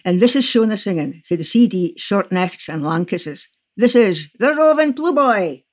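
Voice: medium pitch, lively intonation, moderate pace, darkish tone. A podcast host with a Scottish accent, interviewing guests in a friendly, conversational way.

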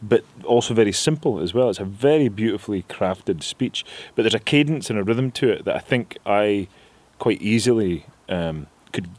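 A man with a northeast Scottish accent telling stories in an interview, rambling and animated. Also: lowish voice, moderate pace, dry recording. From northeast Scotland. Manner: rambling, animated storytelling with laughs. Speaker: actor guest. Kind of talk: reflective interview chat.

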